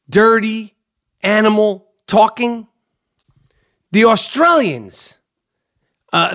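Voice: mid-range voice, a bit bright. A podcast host delivering a profane, angry monologue with frequent stammering restarts and repeated phrases.

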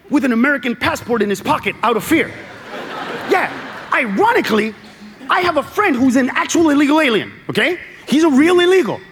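High-voiced animated male stand-up comic. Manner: animated, shouting punchlines, acts out characters. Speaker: stand-up comedian. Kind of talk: stand-up comedy set. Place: comedy club stage before a laughing audience. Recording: live club recording with loud crowd and noise.

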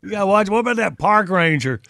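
A man hosting a morning radio show, with brisk, folksy, upbeat banter. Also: high-pitched, animated, creaky, sharp tone, dry recording, clean studio sound.

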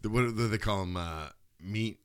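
A man's voice: fairly low pitch, moderate pace, smooth, no echo. A man co-hosting a podcast, rambling casually about a movie and often saying "you know". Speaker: podcast co-host.

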